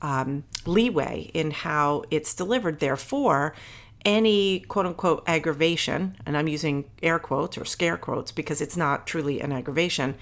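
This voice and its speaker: A woman's voice: low voice, normal speed. A woman co-hosting a podcast, explaining points at length, reading quotations aloud and stopping to correct herself. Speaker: podcast co-host. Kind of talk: casual podcast discussion. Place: Philadelphia area.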